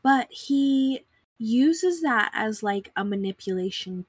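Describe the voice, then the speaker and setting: A young woman hosting a podcast, talking in a rambling, self-deprecating way from her bed at home, with vocal fry. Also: on the high side, animated, takes it slowly, dry recording. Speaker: podcast host. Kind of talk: casual conversation.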